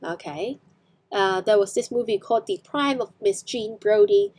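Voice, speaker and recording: A woman's voice: medium pitch, moderate pace, darkish tone. A woman with a Hong Kong accent teaching English online, explaining film scenes with frequent fillers and self-corrections.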